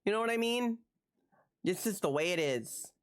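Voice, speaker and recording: A woman chatting casually with her viewers on a live stream, excitable and full of swearing, who repeats the same phrase again and again. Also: medium pitch, moderate pace.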